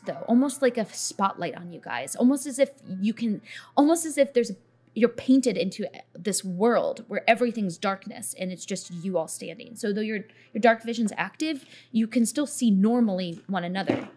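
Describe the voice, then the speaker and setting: A woman's voice: mid-range voice, animated, moderate pace, darkish tone, soft background music. A woman narrating a tabletop role-playing game as dungeon master, describing scenes in a loose, meandering way with fillers.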